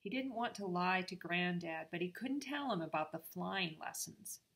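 An older grandmother reads a chapter book aloud to her grandchildren, steady and clear at a normal speed. Her fairly low voice is expressive, yet bright and ringing.

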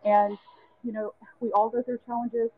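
A woman's voice: fairly high pitch, little pitch movement, moderate pace. A woman calling in from the gym, a little out of breath, chatting in an earnest and grateful way. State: slightly out of breath. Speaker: caller. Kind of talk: casual call-in comment. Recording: tinny phone line.

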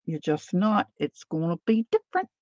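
A woman's voice: fairly low pitch, big pitch swings, moderate pace, darkish tone, no echo, muffled recording. A woman hosting a casual painting tutorial, chatty and often drifting into side stories as she works.

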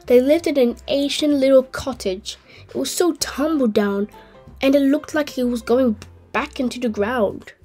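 A woman hosting a channel and reading a children's story aloud in a gentle, clear way. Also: high-pitched, unhurried, soft background music. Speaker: host and storyteller.

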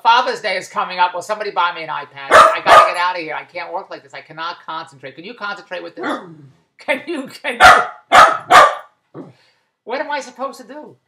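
A man delivering an exasperated comic rant to the camera, loud and full of rhetorical questions. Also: sits high, very noisy. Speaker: vlogger. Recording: echoey room.

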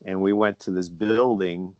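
Blunt low-voiced man telling stories. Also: fairly even intonation, measured pace, darkish tone, dry recording. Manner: blunt, swears freely, acts out quoted dialogue. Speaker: interview guest. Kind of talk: casual storytelling. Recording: dull, dry low-fidelity sound.

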